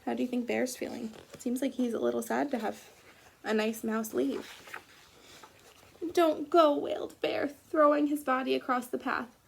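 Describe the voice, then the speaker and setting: A woman teacher reading a picture book aloud to children, gently pausing to ask them questions about the story. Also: on the high side, fairly even intonation, gravelly, a little hiss or hum. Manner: gentle, asks children questions as she reads.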